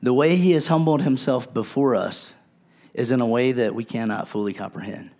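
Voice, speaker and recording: A man's voice: medium pitch, normal speed, a little mellow. A male pastor preaching a sermon in a conversational, earnest way, with casual asides to his congregation.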